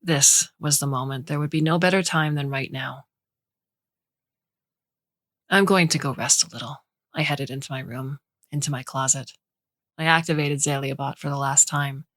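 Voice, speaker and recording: A woman with a low voice narrates a short story in a measured, expressive reading. The sound is dry and close, with no room around it. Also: no room sound.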